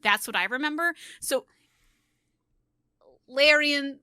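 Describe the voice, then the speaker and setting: A woman YouTuber chatting casually on a gaming podcast, animated and quick to laugh. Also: sits high, no echo, clean studio sound.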